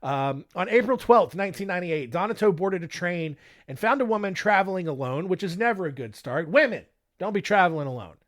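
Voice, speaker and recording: A man's voice: high voice, lively intonation, fairly quick, fairly bright tone. A young man hosting a casual true-crime podcast, narrating with joking, irreverent asides. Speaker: podcast host.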